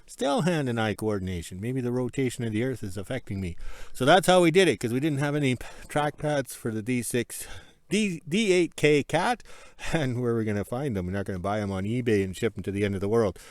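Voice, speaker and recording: A man's voice: medium pitch, animated, a little fast, no room sound. A man rambling in a folksy, casual way as he shows his workshop and yard. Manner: rambling, folksy, self-correcting. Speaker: vlogger, homesteader. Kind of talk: casual walk-around narration. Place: workshop and yard in the cold north.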